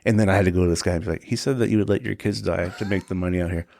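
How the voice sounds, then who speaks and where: Low-voiced man telling wild stories. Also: very fast, gravelly, no room sound. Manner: animated anecdotes, acts out quotes, swears freely, laughs often. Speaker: guest, tour security guard. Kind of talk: casual podcast storytelling.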